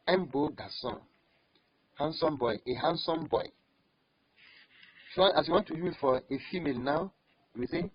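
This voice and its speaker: Husky man teaching slowly with repetition. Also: fairly high pitch, no room sound. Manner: slow, repeats each word several times. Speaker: French teacher. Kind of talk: online language lesson. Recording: dull lo-fi recording.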